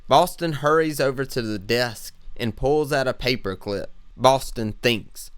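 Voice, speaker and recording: A man's voice: medium pitch, unhurried, hardly any pauses, smooth, no echo. A man narrating an illustrated story in a matter-of-fact way.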